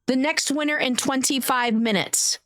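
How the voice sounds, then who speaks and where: A woman streamer chatting casually with her viewers, greeting them warmly by name and swearing now and then. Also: high-pitched, normal speed, no room sound. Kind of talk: casual live-stream chat.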